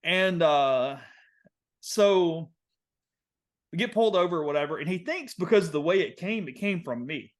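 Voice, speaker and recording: A young man with a Southern American accent, casually telling a long story on a podcast, rambling with lots of fillers and getting animated. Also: high-pitched, fairly quick. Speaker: podcast co-host.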